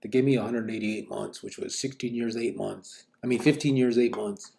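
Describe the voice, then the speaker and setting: Guy telling his story on a live stream, gravelly dark voice, swears a lot, says "you know what i'm saying" all the time. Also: medium pitch, normal speed, slight background noise.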